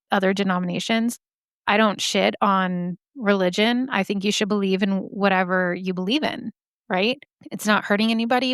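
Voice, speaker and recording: A woman's voice: mid-range voice, creaky, fairly bright tone, clear, resonant tone, no room sound, clean studio sound. A woman podcast host telling a personal story in a candid, chatty way, swearing freely. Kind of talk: casual storytelling.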